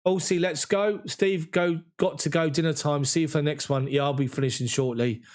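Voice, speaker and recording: A man's voice: fairly high pitch, steady tone, fairly quick. A man hosting a football fan live stream, reading viewer comments aloud and thanking them one by one. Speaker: football fan channel host. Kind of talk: live stream chat reading after a match.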